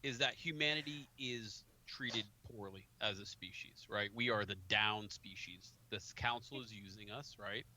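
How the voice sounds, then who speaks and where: Halting low-voiced man, bright tone. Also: slight background noise. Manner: halting, restarts words, rhetorical "right?". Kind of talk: casual chat.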